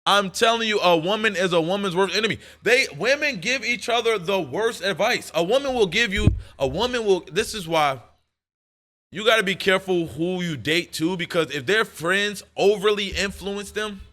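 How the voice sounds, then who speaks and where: A man's voice: sits high, normal speed, sharp tone. A man streaming live and reacting to clips, making emphatic points full of profanity and repeating them again and again.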